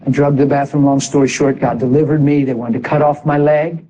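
A man preaching a sermon in an animated way, exhorting the congregation with asides. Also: medium pitch, brisk, few pauses, slight background noise, rough recording.

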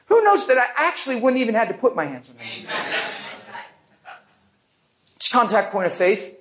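A man's voice: very high-pitched, huge pitch swings, normal speed, long pauses, fairly bright tone. A man preaching a testimony, telling a vivid story and acting out the people in it.

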